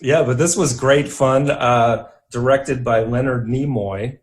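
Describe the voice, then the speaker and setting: A young man co-hosting a casual chat about favorite films, easygoing, laughing often and filling pauses with "uh". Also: medium pitch, steady tone. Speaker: podcast co-host.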